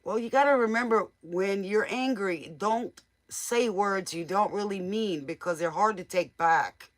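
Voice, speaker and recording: A woman's voice: medium pitch, measured pace. A woman giving casual, motherly tarot readings to viewers on a live stream. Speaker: tarot reader.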